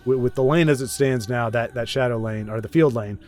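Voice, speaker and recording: A man's voice: mid-range voice, fairly quick, a little mellow, soft background music. A man casually commentating a card game match, chatty and self-deprecating, rambling with frequent restarts.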